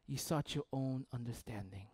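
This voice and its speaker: A young man preaching a sermon as pastor, animated and playful, acting out the voices of people he quotes. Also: medium pitch, moderate pace, breathy edge, no echo.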